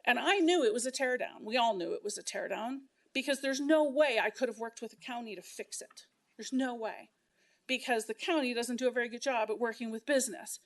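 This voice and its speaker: A middle-aged woman stands at a council meeting and gives an angry public comment about her business and her taxes. She speaks in heated bursts, and her voice sits a little high. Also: a little fast, over loud music. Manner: impassioned, indignant, speaking in bursts. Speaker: local business owner giving public comment.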